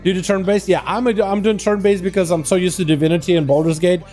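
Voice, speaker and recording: A man with a high, mellow voice calls game duels live from his home setup, his excited play-by-play running into joking asides. Faint game music plays beneath him. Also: fast talker. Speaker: streamer and match commentator. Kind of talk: livestream game commentary.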